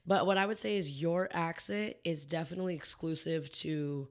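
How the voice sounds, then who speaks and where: A woman from California co-hosting a podcast, thinking out loud and teasing in casual chat. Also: deep voice, moderate pace. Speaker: podcast co-host.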